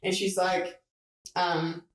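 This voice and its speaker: A podcast host with a mid-range voice and little pitch movement takes things slowly while telling a work story in casual chat. Chatty and swearing freely, the host acts out the dialogue. The recording sounds roomy, with a distant mic.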